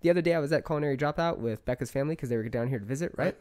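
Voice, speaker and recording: A man in his thirties, a podcast guest telling a story in casual chat, talking heatedly and swearing, his pitch climbing when he gets worked up. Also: very fast, darkish tone, clear, resonant tone. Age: 30s.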